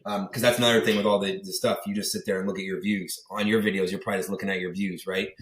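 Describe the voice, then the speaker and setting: It's a casual interview chat where a young podcast guest from the Pittsburgh area, USA, rambles through tales with many fillers and acts out quoted voices. His low voice is fairly bright in tone, delivered flatly and rapid-fire in an echoey room.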